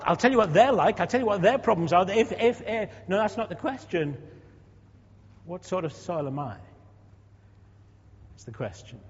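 A man in his sixties gives a sermon in a church, talking in a conversational way, asking rhetorical questions and repeating himself. His voice is husky and sits a little high. The recording is dull, with long reverb from the hall. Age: 60s. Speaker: preacher.

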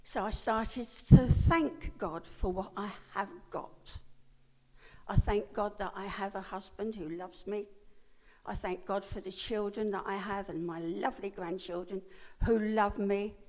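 A woman's voice: medium pitch, unhurried, darkish tone. Older woman sharing an earnest testimony. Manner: earnest, emotional storytelling. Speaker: speaker giving a personal testimony. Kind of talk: personal testimony.

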